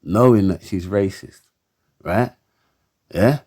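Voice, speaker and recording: Deep-voiced man, heated rant to camera, repetitive and stammering. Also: expressive, unhurried, pauses often, darkish tone, husky. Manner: heated and emphatic, keeps asking for agreement; stammers and repeats words. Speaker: commentator.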